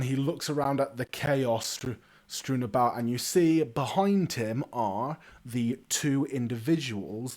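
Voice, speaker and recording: A man's voice: mid-range voice, a little mellow. A man narrating a tabletop game as game master in a casual, stumbling way.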